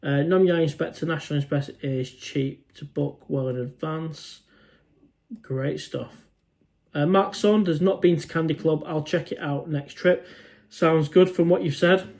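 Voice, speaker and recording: A man's voice: a little high, fairly even intonation, measured pace, a little mellow. An English man hosting a casual live stream, chatting informally and reading out viewer comments. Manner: chatty, informal, says "mate" often.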